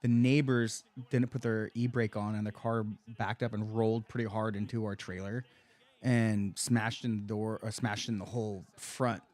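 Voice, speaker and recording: A man's voice: lowish voice, level tone, moderate pace, a little mellow, no echo. A young man, a fighter, chatting casually on a podcast, telling rambling stories full of swearing. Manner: profane, rambling storyteller. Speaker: fighter guest.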